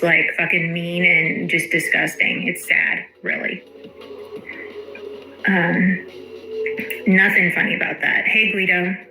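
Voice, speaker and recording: A woman's voice: lowish voice, pushed and bright. A woman hosting a casual livestream, greeting viewers by name and swearing freely. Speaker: livestream host. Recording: echoey room with faint music.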